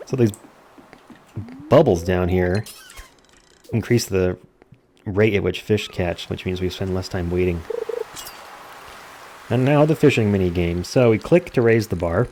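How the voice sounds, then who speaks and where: A man giving casual let's-play commentary, calmly explaining game mechanics step by step. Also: low-pitched, unhurried, long pauses, slight background noise. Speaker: gameplay commentator.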